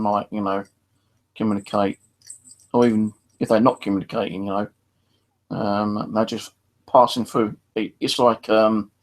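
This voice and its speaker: A middle-aged man streaming, talking in a casual, rambling monologue full of fillers. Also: lowish voice. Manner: rambling, many fillers and restarts.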